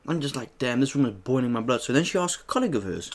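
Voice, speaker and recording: Young man, mukbang host, casual chatty story, animated, swears a lot, eating on mic. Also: medium pitch, racing, hardly any pauses. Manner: animated, swearing, acts out a shop argument.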